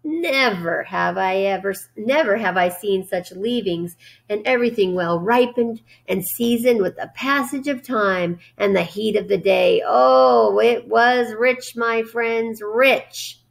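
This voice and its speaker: Storybook rat, husky and hoarse, drawling and smug, voiced by a woman reading aloud. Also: mid-range voice, a little slow. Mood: gloating. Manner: drawling, gloating. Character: gluttonous male rat, sly and smug.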